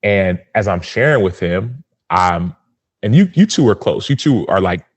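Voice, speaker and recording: Podcast guest, thirties, male: deep, earnest, lively storyteller, dry recording. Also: moderate pace, slightly rough, no room sound. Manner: earnest, animated storytelling with acted-out quotes. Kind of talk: personal storytelling.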